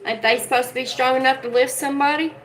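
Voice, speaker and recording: A woman hosts a relaxed livestream from home, speaking earnestly and emotionally to her viewers. Her voice sits a little high, and she addresses the chat directly. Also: fast, low-quality recording. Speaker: livestream host.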